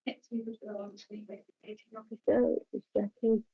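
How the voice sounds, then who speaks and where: A woman's voice: mid-range voice, flat delivery, fast, slightly rough. A woman chairing a formal hearing, brief and procedural. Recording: tinny phone-like meeting audio.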